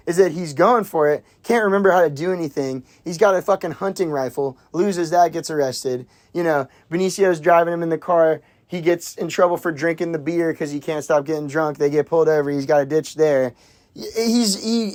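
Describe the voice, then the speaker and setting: A film reviewer chatting casually and excitably about a movie, rambling with lots of "like", restarts and casual swearing. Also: medium pitch.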